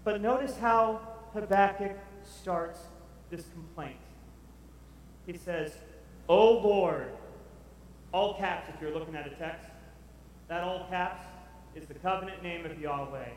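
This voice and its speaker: Male preacher, higher voice, animated storyteller, caught from a distance in a big reverberant hall. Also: moderate pace. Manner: animated, acts out Bible figures. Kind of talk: sermon. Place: large church hall. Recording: echoey hall recorded from far off.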